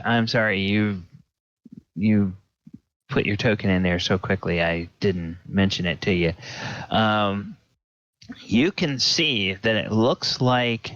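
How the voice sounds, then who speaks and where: Low-voiced man running a tabletop game slowly, on a dull lo-fi recording. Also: fairly bright tone, dry recording. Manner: unhurried, hesitant, many fillers. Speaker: dungeon master. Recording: dull lo-fi audio.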